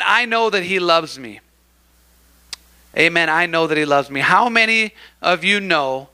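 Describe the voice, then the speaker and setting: High bright guy preaching in church, lively, keeps asking for amens. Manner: animated, acts out crowd voices, calls for amens. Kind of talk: sermon.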